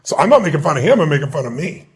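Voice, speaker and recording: A middle-aged man, a motivational speaker answering an interview, telling stories in an animated way and acting out the voices of people he quotes. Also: a little high, racing, breathy edge.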